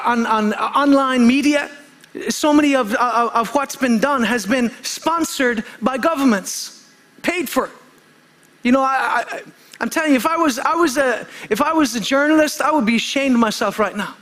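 Male preacher, unusually high pitch, fervent sermon delivery with repeats and restarts. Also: a bit bright. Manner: fervent, calls for amens, repeats phrases, stumbles and restarts. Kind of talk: impassioned sermon.

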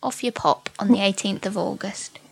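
A woman's voice: mid-range voice, moderate pace, gravelly, husky. A woman co-hosting a podcast, breezy and teasing in casual chat. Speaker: podcast co-host.

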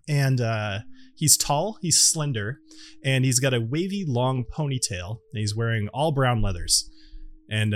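A man narrating a tabletop game as game master, animated and full of fillers. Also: medium pitch.

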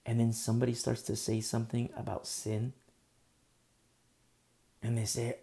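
A man preaching a sermon, impassioned, rising to emphatic questions and dropping to a hush. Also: mid-range voice, little pitch movement, moderate pace, creaky, pauses often.

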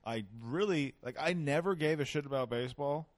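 A man's voice: on the high side, brisk, dry recording. A man hosting a podcast in casual chat, rambling loosely with jokes and swearing. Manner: loose, profane, jokey rambling.

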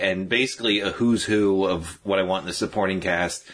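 A man's voice: low voice, fairly even intonation, fairly quick, a bit bright. A man co-hosting a podcast, casually and eagerly retelling favorite film scenes. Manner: enthusiastic, quotes scenes. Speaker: podcast co-host. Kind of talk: casual movie chat.

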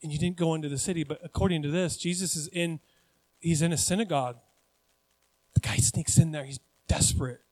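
A male pastor preaching a sermon in a conversational, animated way, often putting questions to the congregation. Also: fairly high pitch, fairly quick. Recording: long hall reverb.

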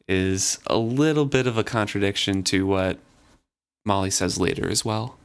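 A man co-hosting a book discussion podcast, summarizing and reading passages in a relaxed conversational way. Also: low voice, normal speed, clean tone. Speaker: podcast co-host.

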